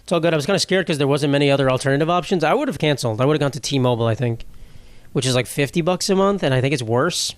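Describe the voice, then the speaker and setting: A man's voice: fairly high pitch, racing, dry recording. A young man hosting a casual solo podcast, rambling with crude jokes and silly voices for quoted people. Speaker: podcast host.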